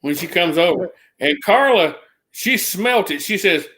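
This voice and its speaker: A man with a drawl tells a meandering story in a casual chat, his voice sitting somewhat high. He restarts his sentences often and jumps his pitch up to imitate other people. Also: animated, moderate pace, pushed and bright. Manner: rambling, restarts, mimics others with a raised voice.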